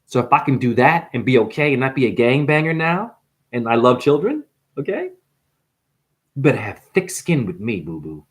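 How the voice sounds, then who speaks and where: A man's voice: medium pitch, sing-song, moderate pace. A man giving a confrontational, preachy monologue as a spiritual teacher, calling the listener honey. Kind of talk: ranting monologue.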